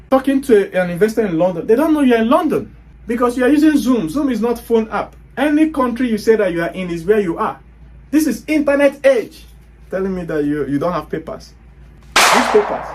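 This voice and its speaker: A man's voice: high-pitched, a little mellow. A man with a Nigerian accent giving a blunt motivational talk, scolding his listeners with rhetorical questions. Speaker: online business speaker.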